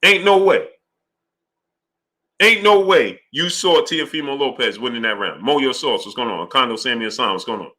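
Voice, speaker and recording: A man with a medium-pitched voice hosts a live boxing talk stream at a moderate pace. He argues heatedly and animatedly, greeting viewers by their chat names.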